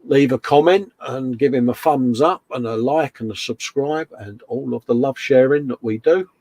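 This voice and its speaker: A British man hosts a laid-back hobby livestream from his home workshop bench and keeps calling everyone mate. His voice sits at an ordinary middle pitch. The sound is close and dry, with no room echo. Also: moderate pace, darkish tone. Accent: British English. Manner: chummy and matey, calls everyone mate. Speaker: host of a model-building livestream. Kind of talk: casual chat, reading out viewer comments.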